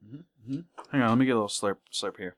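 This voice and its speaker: A man co-hosting a casual beer-tasting podcast, joking and breaking into loud sudden outbursts. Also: medium pitch, fast. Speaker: podcast co-host. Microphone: studio microphone.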